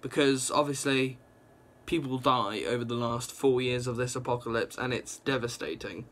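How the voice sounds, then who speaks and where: A young man excitedly rambles through a recap of a comic book issue, his casual talk packed with "like" and quick reactions. His voice sits at a medium pitch.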